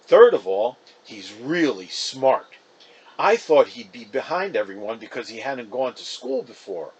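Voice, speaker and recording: A man, a local actor, reading a children's novel aloud in an expressive, animated first-person voice. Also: mid-range voice, measured pace, husky, rough recording.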